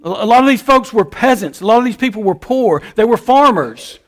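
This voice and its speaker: A man preaches a sermon in a folksy, lilting style, leaning hard on his emphases. His voice is notably high for a man, fairly bright, and lively in intonation, and he talks a little fast.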